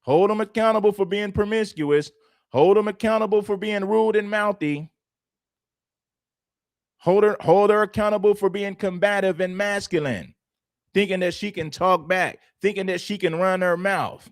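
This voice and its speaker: A man's voice: high-pitched, normal speed, no room sound, clean studio sound. A man hosting a livestream, giving blunt, preachy opinions and repeating phrases for emphasis. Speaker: livestream host.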